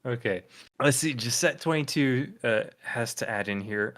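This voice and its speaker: A man's voice: medium pitch, normal speed, a bit bright. A man co-hosting a casual comedic podcast, reading listener comments aloud and chuckling often. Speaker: podcast co-host.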